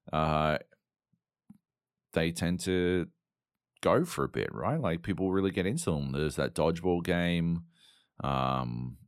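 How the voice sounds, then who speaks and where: Swearing, fillers and exasperation run through this solo podcast rant about games. The host is a man with a low voice, recorded with clean studio sound and no room noise.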